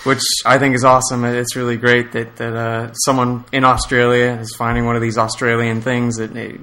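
Man, podcast co-host, bright voice, relaxed, chiming in. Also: mid-range voice, brisk. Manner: easygoing, chiming in with short agreements. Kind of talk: casual chat.

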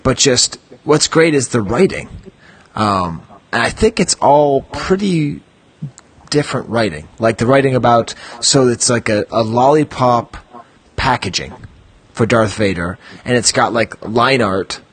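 A man's voice: medium pitch, expressive, unhurried, breathy edge. A man hosting a podcast, chatting and reading descriptions aloud with amused mock gravity. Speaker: podcast host.

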